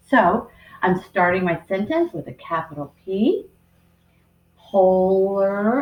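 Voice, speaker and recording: A woman teacher giving a remote writing lesson to young children, speaking slowly and sounding out each word as she writes, recorded on a computer microphone. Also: medium pitch, dull audio. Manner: slow and deliberate, sounding out words while writing. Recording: roomy echo.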